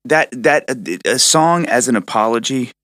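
A man co-hosting a music podcast, animated and emphatic, often trailing off mid-thought. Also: mid-range voice, moderate pace, no echo, clean studio sound. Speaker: podcast co-host. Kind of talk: casual music chat.

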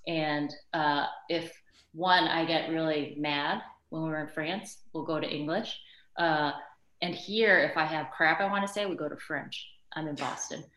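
Lively woman guest in a roomy space. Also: deep voice, measured pace. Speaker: podcast guest. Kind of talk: casual conversation.

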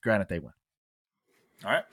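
A man's voice: a little slow, a bit bright, no room sound. A man co-hosting a casual sports podcast, talking emphatically, restarting phrases and dropping in frequent "all right"s. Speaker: podcast co-host.

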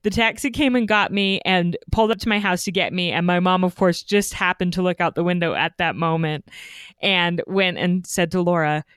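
A woman hosting a podcast, telling a childhood story in a lively way with frequent laughter. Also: on the low side, moderate pace, clean tone, dry recording, clean studio sound. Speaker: podcast host. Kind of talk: podcast interview.

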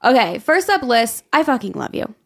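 Lively swearing woman podcast host. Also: on the high side, normal speed, gravelly, no echo. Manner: swears freely, laughs often, animated. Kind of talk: casual chat, reading listener emails.

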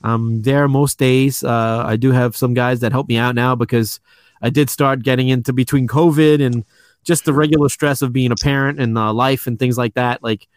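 A man's voice: mid-range voice, steady tone, normal speed, dry recording. A man with a New York accent, a toy store owner chatting on a podcast in a rambling way, full of fillers and restarts. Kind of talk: casual podcast chat.

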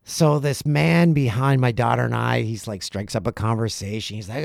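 A middle-aged man with a gravelly edge hosts his podcast, telling a casual story and popping into quick voices for the people in it. His voice sits at an ordinary pitch, and the recording is dry and close. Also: no room sound. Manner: animated, acts out other people's lines in quick asides. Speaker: podcast host.

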